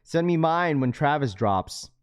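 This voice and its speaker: A young man with a clear, resonant tone hosts a casual live stream, speaking a little slowly but animatedly. He reads viewer comments aloud and banters in slang, his voice climbing loud and high when he gets worked up.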